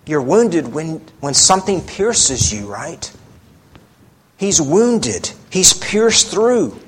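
A man preaching a sermon, slow and emphatic, asking rhetorical questions of his listeners. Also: on the high side, very animated, slight background noise.

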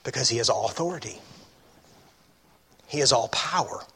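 A man delivers an earnest sermon, leaning on rhetorical questions and reading scripture aloud with emphasis. His voice is bright and forward, sitting at an ordinary pitch for a man. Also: animated, moderate pace, slight background noise. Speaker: pastor.

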